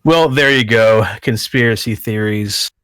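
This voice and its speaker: Laid-back low-voiced man hosting a podcast. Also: measured pace, a bit bright, clean tone, no echo, studio quality. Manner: crude, joking, storytelling with put-on voices. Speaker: podcast host. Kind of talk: casual chat.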